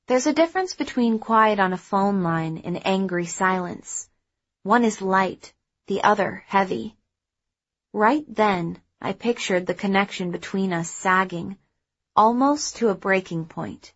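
A woman narrating a first-person novel in a measured, lightly expressive way. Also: mid-range voice, lo-fi sound. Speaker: audiobook narrator.

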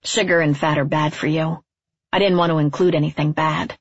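A woman reading a literary story aloud as narrator, in a quiet, measured, wistful way, on a dull, dry recording. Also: low-pitched, steady tone, husky, no echo.

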